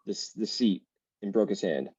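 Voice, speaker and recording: A man hosting a podcast, telling a family story in a relaxed, joking way. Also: fairly low pitch, normal speed, husky, no echo. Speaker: podcast host. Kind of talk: casual podcast chat. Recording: dull, dry lo-fi sound.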